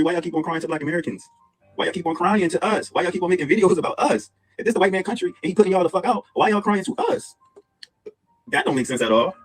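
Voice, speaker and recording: A man rants at breakneck speed in a husky, slightly raised voice, hammering the same questions again and again with open mockery. A faint bed of music runs beneath his words. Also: on the high side. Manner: heated, mocking, repetitive rhetorical questions. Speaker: commentator in a played clip. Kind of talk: angry rant video.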